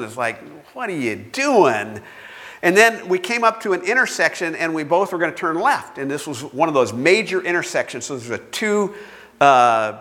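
Guy preaching, jokey storyteller, bright tense voice, big echoey church hall. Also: on the high side. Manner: storytelling with self-mocking humor. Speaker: pastor. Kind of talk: sermon. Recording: long reverb of a large hall.

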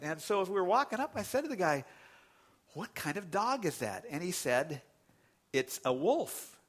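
A male pastor telling a lively story in a sermon, often laughing and jumping up in pitch, then praying in a quiet low voice. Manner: animated storytelling, laughing, voice leaping up on quoted lines.

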